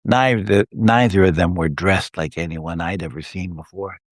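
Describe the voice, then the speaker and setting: A man reading his own first-person adventure story aloud on a live stream, telling it in a steady way. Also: low-pitched, moderate pace, no echo, clean studio sound.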